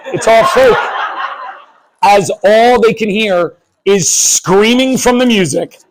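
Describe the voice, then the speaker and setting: A man in his thirties from the United States telling a personal story on stage at a story slam, wry and animated. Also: high voice, slight background noise, poor audio. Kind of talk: live story slam performance. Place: on stage before an audience.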